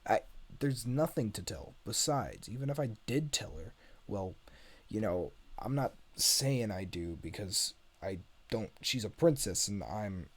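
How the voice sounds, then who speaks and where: Man doing a gruff hesitant ogre. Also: lowish voice, lively intonation, a little slow, full character voice. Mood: defensive. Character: grumpy gruff male ogre. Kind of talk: amateur script read-aloud.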